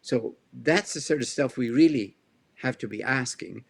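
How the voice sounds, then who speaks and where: A man speaking as a guest scholar in an interview, explaining at length in an animated way, with rhetorical questions and chuckles along the way. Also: medium pitch, normal speed, gravelly, husky. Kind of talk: interview answer, lecturing.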